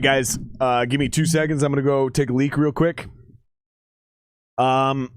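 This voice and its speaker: A man's voice: mid-range voice, steady tone, normal speed, no echo, studio quality. A man chatting casually on a livestream, rambling and swearing with lots of fillers as he comments on a game. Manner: rambling, profane, with many fillers.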